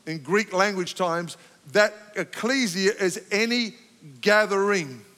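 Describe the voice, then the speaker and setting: Male pastor, high bright tense voice, fervent sermon delivery, big reverberant church sound. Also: slow pace. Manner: impassioned, rising to fervent emphasis then calming. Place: church sanctuary.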